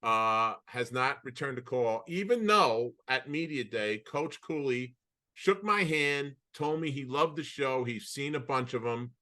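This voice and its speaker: A man co-hosting a podcast over a video call, telling anecdotes in an animated way with many restarts. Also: mid-range voice, unhurried. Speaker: podcast co-host. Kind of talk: casual storytelling chat.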